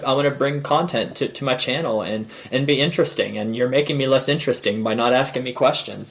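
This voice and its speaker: Seated in a chair in an indoor room, a vlogger in his thirties delivers a casual comedic monologue to a camera propped in a desk drawer. He rambles and jokes, often poking fun at himself, in a voice pitched at a man's typical middle range.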